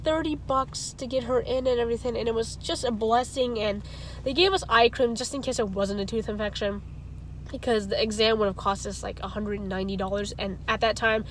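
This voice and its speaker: Woman, vlogger, somewhat high voice, emotional rambling, car noise in the background. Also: fairly even intonation, fairly quick, low-quality recording. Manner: frustrated, emotional rambling with restarts. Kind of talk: casual storytelling vlog. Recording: traffic and car noise behind. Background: car and street ambience.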